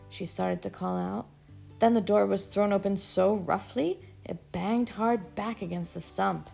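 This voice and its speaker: A woman narrating a children's story aloud in a gentle, expressive storytelling manner. Her mid-pitched voice carries a strong gravelly fry, with faint music playing behind her. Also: unhurried. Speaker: storybook reader.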